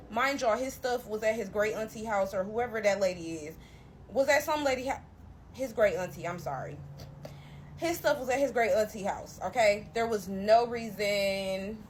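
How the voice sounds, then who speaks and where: A young woman telling a personal story to camera, animated and emphatic, talking straight to her listeners. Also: mid-range voice, slight background noise. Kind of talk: storytime narration.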